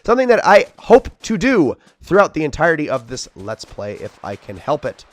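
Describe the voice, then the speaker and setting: A man hosting a video game let's play, chatting casually and lively, often tripping over his words. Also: on the high side, fairly quick, no room sound. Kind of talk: casual gameplay commentary.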